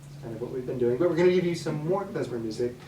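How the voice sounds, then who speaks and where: A man with a Boston accent, a band member casually introducing songs to a concert audience with a relaxed, joking manner. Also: mid-range voice, very fast, a little hiss or hum. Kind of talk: casual stage banter. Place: concert performance space. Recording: echoey room, mic from far off.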